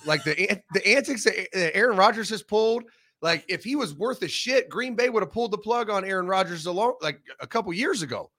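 A man co-hosting a casual sports talk show, blunt and profane, giving animated opinions. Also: high voice, fairly quick.

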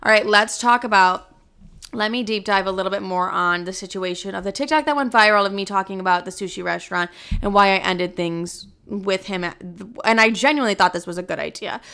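A woman's voice: medium pitch, brisk, gravelly, a bit bright, clear, resonant tone. A woman in her twenties telling a dating story in a casual, chatty way, full of "like" and swear words. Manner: chatty, heavy "like" filler, frequent swearing.

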